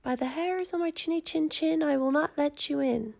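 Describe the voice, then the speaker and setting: A woman voicing a carefree young male pig who cries out in a high voice. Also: normal speed, gravelly. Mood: excited. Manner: high, excited crying out.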